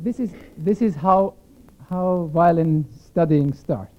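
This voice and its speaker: On a concert stage before a live audience, a male violinist with a slightly high voice slowly gives a reflective introduction, explaining the piece and posing questions to the crowd. The capture is tinny and lo-fi, with thin phone-like sound and a lot of noise.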